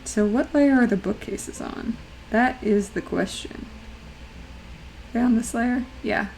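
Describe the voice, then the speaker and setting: Woman streaming while she draws, kinda mousy high voice that keeps cracking, playful and chatty, little bit of noise behind. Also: measured pace, vocal fry, a little mellow, poor audio. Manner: playful, chatty, self-teasing. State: voice cracking from recording audio. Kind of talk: casual live-stream chat while drawing.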